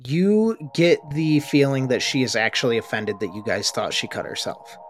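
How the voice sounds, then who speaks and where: A man narrating as game master of a tabletop role-play, brisk and casual, swearing offhandedly. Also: mid-range voice, slight background noise.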